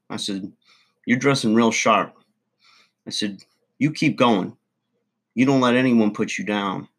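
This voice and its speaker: A man's voice: mid-range voice, a bit bright. A man, hosting a podcast as a folksy, rambling storyteller in a comic monologue. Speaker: podcast host.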